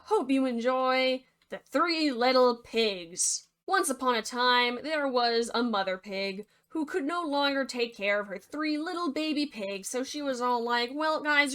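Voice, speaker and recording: A young woman narrates a fairy tale for laughs, casual and sarcastic, with constant dry asides. Her voice is somewhat high, bright and forceful. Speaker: video creator and narrator. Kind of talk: comedic storytelling narration.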